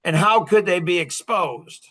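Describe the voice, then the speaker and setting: A man with a high, bright, forceful voice lectures a group as their coach. He talks bluntly and with heavy emphasis, scolding his listeners and pushing them hard. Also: lively intonation, measured pace.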